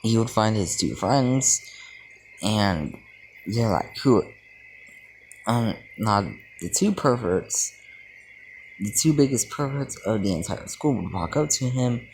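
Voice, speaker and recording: A man's voice: lowish voice, expressive, slow pace, slight background noise. A young man casually telling a fan story, rambling with fillers and slang.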